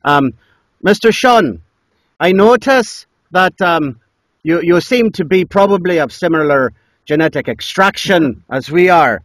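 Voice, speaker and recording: A man's voice: animated, a little slow, a bit bright, no room sound. A man putting on the voice of a small, mischievous male leprechaun who asks playful questions. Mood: inquisitive. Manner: jokey, wandering pitch, playful.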